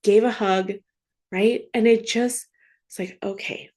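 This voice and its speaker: A woman working as a Catholic grief coach, speaking in an earnest, gentle way, often asking "right?". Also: mid-range voice, steady tone, unhurried. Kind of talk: heartfelt faith monologue.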